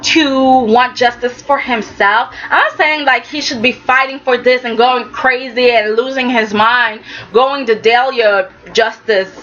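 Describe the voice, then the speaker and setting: A young woman casually recapping a soap opera, animated and chatty, slipping into quick impressions of the characters. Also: a little high, dull audio.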